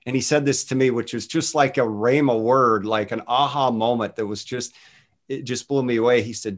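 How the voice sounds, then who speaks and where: A man's voice: medium pitch, fairly even intonation, normal speed. A middle-aged man, a guest minister, earnestly telling personal faith stories in a casual talk, with many restarts.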